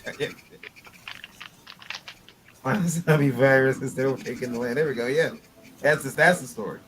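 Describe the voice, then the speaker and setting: A man's voice: mid-range voice, moderate pace, crowd noise. A man co-hosting a charity auction stream, casual and rambling with lots of fillers. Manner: rambling, laid-back, many fillers. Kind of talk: casual chat. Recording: noisy stream audio.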